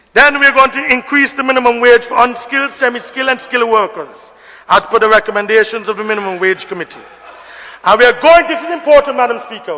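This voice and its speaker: A member of parliament with a very high voice gives a forceful, bright-toned speech, repeating his points emphatically and rising to bursts of shouting. The long reverb of a debating chamber rings around him.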